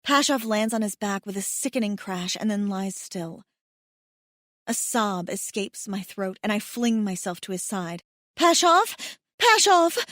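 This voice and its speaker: A woman's voice: mid-range voice, unhurried, no room sound, studio quality. A woman narrating a first-person romance audiobook in an emotional, heated way that includes swearing.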